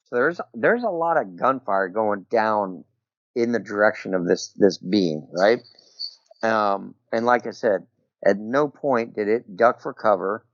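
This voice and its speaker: A middle-aged male military veteran, guesting on a podcast over a remote Skype call, rambles through a personal story full of "you know" and "right?". His lowish voice is expressive and measured in pace, with no room sound, and the call audio is dull and dry.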